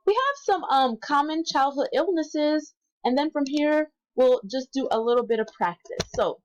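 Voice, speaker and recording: A woman as an instructor in a recorded lesson, patiently repeating words slowly for learners and correcting herself aloud. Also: sits high, a little mellow, rough recording. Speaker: Spanish instructor.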